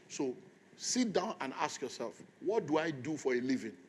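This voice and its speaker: A man's voice: medium pitch, sing-song, normal speed, a little mellow, breathy edge. A middle-aged man with a Nigerian accent, preaching a sermon and telling a story to a congregation. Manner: storytelling, tells the audience to repeat lines to their neighbours.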